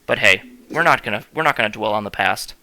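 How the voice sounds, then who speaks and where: A man's voice: on the low side, animated, fast, bright, forceful tone. A man hosting a let's-play, commentating on gameplay in a playful, jokey way and talking straight to viewers. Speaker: gaming host.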